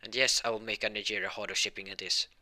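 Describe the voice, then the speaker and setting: A man's voice: fairly low pitch, little pitch movement, fast talker, sharp tone. A man casually telling a made-up fan story about cartoon heroes, rambling and correcting himself as he goes. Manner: rambling, full of fillers and self-corrections. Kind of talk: casual spoken fan-fiction retelling.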